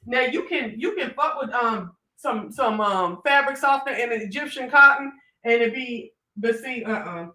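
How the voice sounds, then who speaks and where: A live-stream host chatting casually with viewers, animated and swearing freely, talking into a phone. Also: mid-range voice, moderate pace, few pauses.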